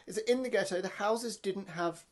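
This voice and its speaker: Brief: a podcast host with a fairly high voice, halting and wordy as he asks his questions. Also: a crowd in the background. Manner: hesitant, restarts and repeats words. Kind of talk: interview questions.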